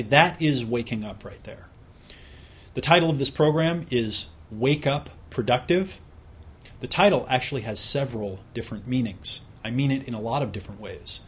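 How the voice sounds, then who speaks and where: Man, course instructor, slightly husky, chatty explainer who talks straight to the listener. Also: medium pitch. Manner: conversational, explaining with examples and direct questions to the listener. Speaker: self-help course instructor. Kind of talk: recorded productivity lesson.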